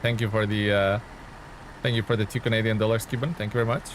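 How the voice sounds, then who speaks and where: Streaming a game live, a man with a fairly low voice talks casually through the session, greeting and thanking viewers and reacting as he drives. His delivery is flat and quick but stays chatty throughout. A faint hum runs beneath his voice.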